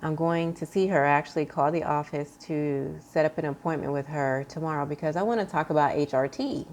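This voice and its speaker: A woman talking earnestly to her viewers in an unscripted personal vlog, halting, with many fillers and restarts. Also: low voice, darkish tone, slight background noise. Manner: earnest, confiding tone. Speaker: vlogger sharing a health update.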